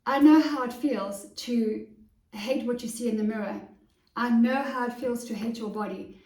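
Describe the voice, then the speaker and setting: A woman's voice: fairly high pitch, a little mellow. A woman, a confidence coach, chatting eagerly and straight to the viewer in a casual fashion vlog filmed in her home closet. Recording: roomy sound, voice from a distance.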